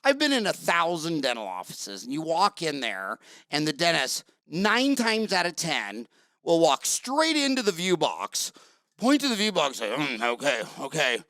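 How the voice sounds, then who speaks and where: Man, middle-aged, interview host, blunt rambling storyteller, bright edgy voice, slightly high. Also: wildly swooping pitch, moderate pace, no echo. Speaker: podcast host. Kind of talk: casual interview talk.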